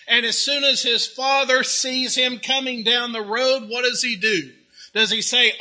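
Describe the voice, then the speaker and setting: A man's voice: very high voice, fairly even intonation, unhurried, pushed and bright, rough recording. A man preaching a sermon in a conversational way, asking rhetorical questions and adding humorous asides. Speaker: pastor.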